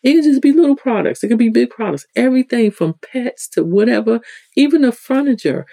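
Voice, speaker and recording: New York-accented spiritual host, loose chatty teaching, warm tone, dry recording. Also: lively intonation, fairly quick, no echo. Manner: conversational, rambling, with frequent restarts; acts out quoted people with sudden pitch jumps. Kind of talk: casual spiritual teaching talk.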